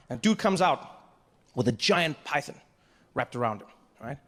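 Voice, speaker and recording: A man doing stand-up, telling a story in an animated, self-mocking way with quick act-outs. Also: medium pitch. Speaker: stand-up comedian. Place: live comedy venue. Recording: echoey live venue with faint ambience.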